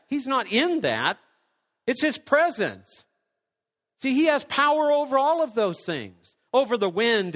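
A middle-aged male pastor preaching a sermon, swinging between loud emphatic lines and hushed near-whispers. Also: very high voice. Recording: long hall reverb.

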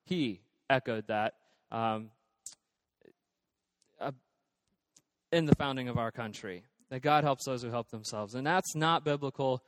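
A man's voice: mid-range voice, unhurried, long pauses, no room sound, big-room sound. A man preaching a casual, conversational sermon as pastor, with frequent fillers and restarts.

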